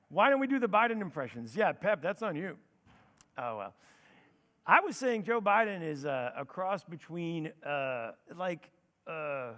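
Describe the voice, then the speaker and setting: A man co-hosting a comedy show, chatting casually and animatedly with plenty of fillers. His voice sits high and jumps around a lot. A long hall reverb follows his words. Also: a bit bright. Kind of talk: casual comic banter. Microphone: belt mic.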